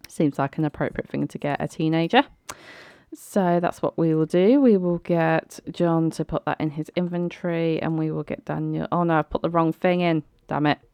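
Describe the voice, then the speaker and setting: A woman's voice: deep voice, creaky, a little mellow, clean tone, no room sound. A young woman hosting a life-sim game let's play, chatting casually with lots of fillers and sudden exclamations. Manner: chatty, filler-heavy, quick to laugh and exclaim. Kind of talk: casual gameplay commentary.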